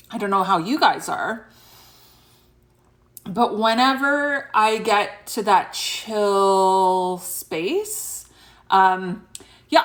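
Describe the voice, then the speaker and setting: Casting note: woman in her thirties, spiritual vlogger chatting casually, rambling with lots of fillers, mid-pitched voice. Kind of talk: casual chat to camera.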